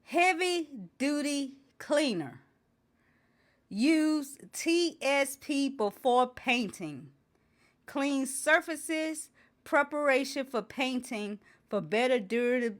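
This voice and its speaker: Woman host, indignant, rhetorical questions, high-pitched, unhurried delivery. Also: lively intonation. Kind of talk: impassioned to-camera talk.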